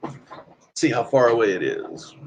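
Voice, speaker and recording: A man chats loosely through a live stream, drifting between topics and reading viewer comments aloud. His talk is friendly and unhurried, with a voice of ordinary middle pitch. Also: sing-song, slight background noise. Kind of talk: casual live-stream chat.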